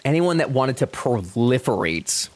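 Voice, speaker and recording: A man with a medium-pitched voice and big pitch swings streams a game from home at an unhurried pace. He chats casually with his viewers, answers back to chat, and jokes around with plenty of swearing.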